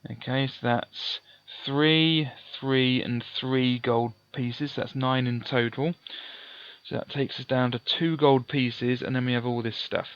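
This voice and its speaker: A slow, unhurried man plays through a gamebook, reading passages aloud and then chatting through his dice rolls. His tone stays calm with small self-mocking asides. The recording is dull and lo-fi, with a dry, close sound. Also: medium pitch, no room sound. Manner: mild self-deprecating asides. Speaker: let's play host. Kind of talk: gamebook playthrough with read-aloud narration.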